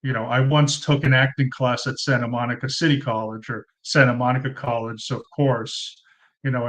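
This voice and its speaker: Chatty and rambling, a man in his thirties with a mid-range, fairly bright voice hosts a casual live Q&A stream. He fills his talk with ums and uhs and thanks viewers by name, speaking into a cheap desk mic in a fluorescent-lit room at home with poor audio.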